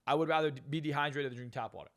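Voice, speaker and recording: Fast-talking blunt, profane man. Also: fairly high pitch, fairly bright tone. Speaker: podcast guest. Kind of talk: casual podcast talk.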